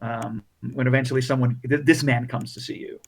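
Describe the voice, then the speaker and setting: A man's voice: mid-range voice, fairly even intonation, brisk. A man narrating as game master, rambling with many restarts. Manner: rambling, full of fillers and restarts.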